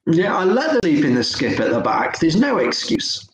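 A man's voice: fairly high pitch, huge pitch swings, normal speed. A man co-hosting a podcast, teasing and laughing often in a casual chat. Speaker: podcast co-host. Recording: echoey room, faint noise.

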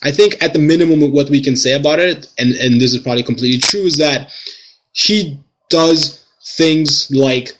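Male podcast co-host, higher voice, chatty, filler-heavy. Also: normal speed, lo-fi sound, slight background noise. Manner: talkative, full of filler words. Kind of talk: casual chat.

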